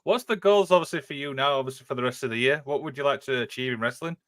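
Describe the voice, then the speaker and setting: A man hosting an interview, asking quick, chummy questions. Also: medium pitch, a bit bright. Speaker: interview host.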